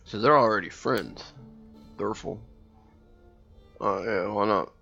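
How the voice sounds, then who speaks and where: A gameplay commentator talks casually through a strategy game, reading its text aloud, musing to himself, and occasionally hiccuping. His fairly low voice is slow, husky, pushed, and bright, with vocal fry. The highs are cut off, and soft music plays in the background.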